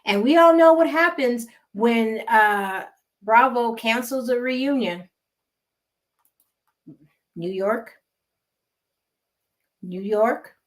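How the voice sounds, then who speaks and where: A woman with a West Coast American accent gives casual, emphatic gossip commentary and repeats words for effect. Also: fairly high pitch. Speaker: gossip vlogger.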